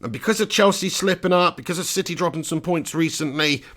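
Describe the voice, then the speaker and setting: A man hosting a live football watch-along, chatting with viewers and breaking into excited play-by-play. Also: a little high, fast. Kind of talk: live commentary and chat reading.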